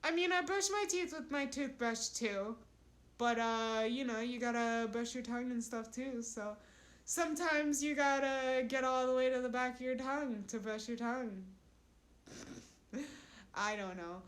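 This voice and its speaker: A woman's voice: on the high side, unhurried. A woman in her twenties chatting casually on a live stream, rambling and frank, often breaking into giggles. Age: 20s. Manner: giggly, laughs between sentences; loose and rambling, frank about crude topics.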